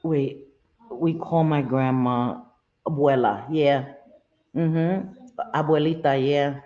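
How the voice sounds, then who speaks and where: A woman's voice: rumbling low, slow pace, muffled recording. A middle-aged woman hosting a casual live chat, talking in a loose, chatty way and often laughing. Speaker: livestream host.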